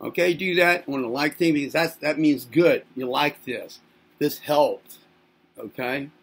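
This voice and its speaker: A man's voice: on the high side, measured pace, slightly rough. A man hosting a self-help channel, speaking in a playful monologue to camera as if to babies. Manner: teasing, talks as if to babies.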